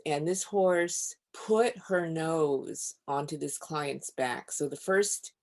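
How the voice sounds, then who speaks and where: A woman who is a physician and author, guest on a podcast interview, telling stories in a calm, measured way. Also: low-pitched.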